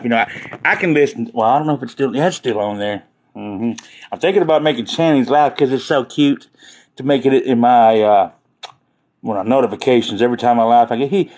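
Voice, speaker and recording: A man's voice: mid-range voice, darkish tone. A man hosting a casual livestream, joking and rambling with his viewers and laughing often. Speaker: livestream host chatting with viewers.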